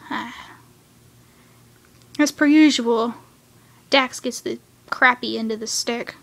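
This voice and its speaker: A young woman rambling excitedly about a cartoon episode, acting out the characters with sudden high cries.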